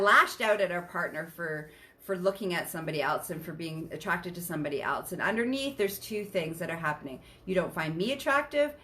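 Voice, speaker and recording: Bright-voiced, candid woman coach. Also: fairly low pitch. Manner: candid and animated, swears freely, acts out quoted outbursts. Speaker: sexual wellness coach, podcast guest. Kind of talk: casual explanatory talk.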